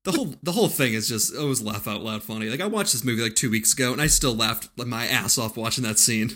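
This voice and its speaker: A man's voice: medium pitch, fast talker, bright, forceful tone. A man co-hosting a casual movie podcast, swearing and laughing often as he recaps scenes. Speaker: podcast co-host. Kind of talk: casual movie-review chat.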